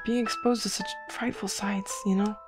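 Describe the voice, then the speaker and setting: A woman reading out the lines of a kind young man companion in a game, in a soft, soothing way. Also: mid-range voice, fairly even intonation, moderate pace, over music, natural voice.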